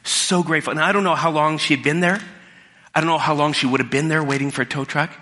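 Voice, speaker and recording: Bright-voiced man preaching in a reverberant hall. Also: a little high, fairly even intonation, fast. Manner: conversational storytelling with restarts. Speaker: pastor. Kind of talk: sermon.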